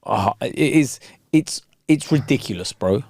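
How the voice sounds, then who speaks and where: A man's voice: medium pitch, lively intonation, unhurried, vocal fry, a little mellow, breathy edge, no room sound, clean studio sound. Joking man on a podcast. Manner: jokey, teasing storyteller with London slang. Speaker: podcast co-host. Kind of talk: casual podcast banter.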